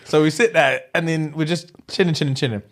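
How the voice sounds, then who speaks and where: A young man, co-hosting a podcast in casual chat, telling a story with lively acted-out voices and frequent laughter. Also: fairly high pitch, brisk. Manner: animated storyteller acting out voices, laughing often. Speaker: podcast co-host.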